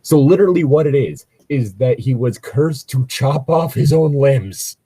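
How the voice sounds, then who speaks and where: A man's voice: medium pitch, animated, measured pace, warm tone, breathy edge, dry recording. A man reading a fan story aloud in a casual comedic read-along, laughing often and swearing through rambling asides.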